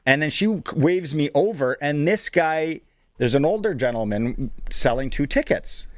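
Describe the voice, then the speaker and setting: A man's voice: fairly high pitch, moderate pace, no echo. Man telling a rambling story. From Canada. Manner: animated, rambling anecdote with frequent restarts. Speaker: storyteller on a sports radio show. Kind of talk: casual radio storytelling. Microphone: studio microphone.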